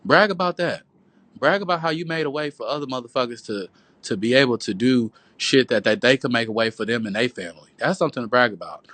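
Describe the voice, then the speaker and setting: A man's voice: mid-range voice, expressive, quick pace, a bit bright, no echo. Profane preachy man on a phone livestream. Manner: profane, preachy, repetitive, calls listeners "boo" and "y'all". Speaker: livestream host. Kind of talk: rambling preachy livestream monologue.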